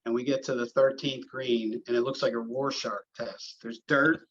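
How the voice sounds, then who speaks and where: A middle-aged man chatting through a podcast interview, winding through his stories with plenty of "uh" and false starts. His voice sits at an ordinary middle pitch, and the recording is dull and lo-fi. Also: fairly even intonation, normal speed, a bit bright, a little hiss or hum. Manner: rambling storyteller, many fillers and restarts. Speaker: golf course superintendent.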